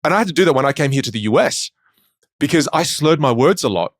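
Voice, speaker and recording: A man with an Australian accent, a speech coach talking in a podcast interview with quick, emphatic storytelling. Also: fairly high pitch, animated, dry recording, clean studio sound.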